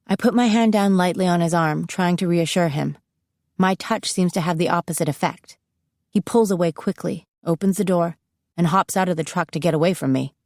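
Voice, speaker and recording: A woman's voice: fairly low pitch, a little mellow, dry recording. A woman narrating a first-person audiobook in an intimate, confiding manner, close to the mic.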